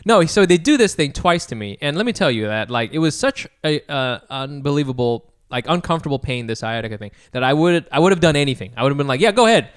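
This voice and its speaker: A man's voice: medium pitch, lively intonation, fast, few pauses, clean tone. A young man co-hosting a podcast, chatting casually and telling a rambling story with plenty of casual swearing. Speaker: podcast co-host. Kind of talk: casual chat.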